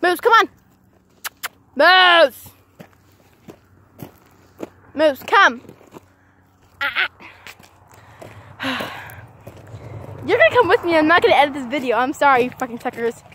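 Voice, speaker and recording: A woman's voice: high voice, slow, long pauses, sharp tone, a little hiss or hum. A teenage girl vlogging outdoors on a walk, chatting casually into a handheld phone, easily distracted and breaking off to call her dog. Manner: distracted, chatty, keeps calling to her dog mid-sentence. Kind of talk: casual rambling vlog.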